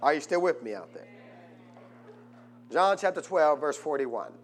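A man pastor preaching a sermon and drawing answers from the congregation, swinging from quiet asides to loud, fervent peaks. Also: fairly high pitch, lively intonation, unhurried, slight background noise. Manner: rises to loud preaching, asks congregation "what?". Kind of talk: call-and-response sermon.

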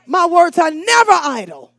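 A woman preacher delivers an animated sermon. She calls out to the congregation, swinging from shouts down to near-whispers. Her voice sits high, and the sound is dry and close with little room echo. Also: moderate pace. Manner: animated and call-and-response, swinging between shouts and hushed asides.

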